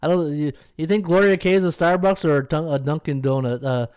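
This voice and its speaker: A man's voice: fairly high pitch, fairly even intonation, fairly quick, a little mellow, clean tone, no room sound. A man hosting a sports betting podcast, chatting casually and greeting viewers by name between picks. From Canada. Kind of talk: casual live-stream chat.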